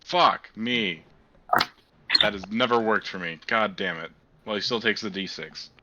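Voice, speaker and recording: Male player, very deep, grumbling, sharp tone, muffled audio with faint music. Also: measured pace, a little hiss or hum. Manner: swearing, grumbling. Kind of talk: casual chat.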